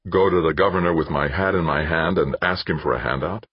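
A man voicing a skeptical, weary male company boss who sounds gruff and doubtful. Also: rumbling low, a little fast, no room sound, heavily acted. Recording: dull lo-fi dry recording.

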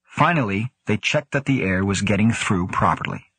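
Male audiobook reader, low and husky, steady pacing, dry booth sound. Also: moderate pace, dry recording. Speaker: audiobook narrator. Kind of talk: scripted narration.

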